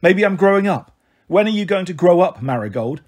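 A man reading a storybook aloud and voicing a blunt, sensible teenage girl who speaks in a reproachful way, with a husky voice. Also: high voice, animated, brisk, a little mellow.

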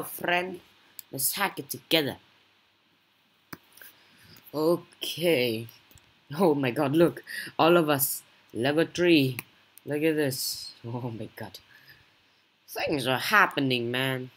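A woman YouTuber giving casual gameplay commentary, excitable and quick to blurt out exclamations. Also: low-pitched, breathy edge. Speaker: gaming YouTuber.

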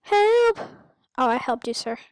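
A higher-pitched woman narrates her own gameplay in a slow, drawn-out way. Her talk rambles and turns goofy, breaking into sudden squeaky outbursts. The sound is dry, with no room around it. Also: dry recording. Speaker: gamer. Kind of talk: let's-play commentary.

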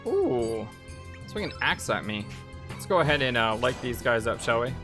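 Animated man commenting on a game. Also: medium pitch, brisk. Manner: animated, wry, easily amused. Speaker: let's play host. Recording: music playing behind voice.

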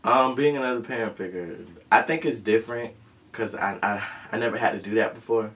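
Rambling man with a bright voice. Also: on the low side, fairly quick, a little hiss or hum. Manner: rambling, lots of fillers and restarts. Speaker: co-host. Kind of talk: casual chat.

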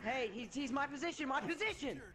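A man's voice: very high voice, lively intonation, brisk. A young man on gaming voice chat, angrily complaining at and scolding his teammates. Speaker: gamer on voice chat. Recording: loud game sounds behind. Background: loud game audio.

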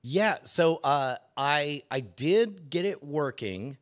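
A man co-hosting a casual podcast chat, laughing often and getting animated as he reads aloud. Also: on the high side, slow pace. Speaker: co-host.

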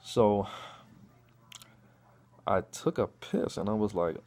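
A young vlogger from Chicago rants profanely as he tells a crude personal story, animatedly acting out what people said. His voice is on the low side, slow-paced, with frequent pauses.

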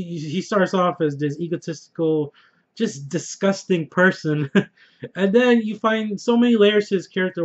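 Excitable, swearing man on a muffled recording. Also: fairly high pitch. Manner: excitable, profane, laughs often. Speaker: TV show reviewer. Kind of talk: casual spoiler review vlog.

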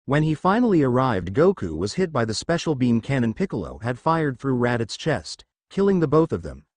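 A man narrating a fan-fiction story in a steady reading voice. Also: mid-range voice, no room sound.

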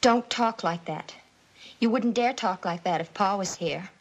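A woman's voice: mid-range voice, a little slow, very noisy, lightly acted. A young actress playing a shy, frightened teenage girl in a 1950s TV drama, timid and pleading.

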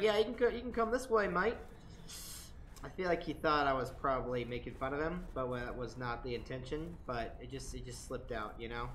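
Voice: medium pitch, sharp tone. A streamer giving casual, chatty commentary over a game, swearing often and joking. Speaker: gaming streamer.

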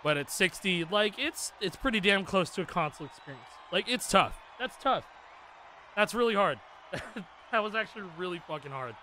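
A man with a high, animated voice streams a rhythm game at a moderate pace, chatting casually with viewers in a rambling, profane way packed with fillers. Loud game music plays behind him, with slight background noise.

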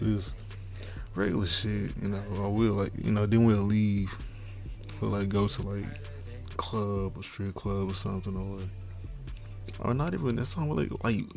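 A man's voice: on the low side, gravelly, a little mellow. A stoned man ranting casually, rambling and profane, with frequent laughs. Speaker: vlogger. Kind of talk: casual rant. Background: faint background music.

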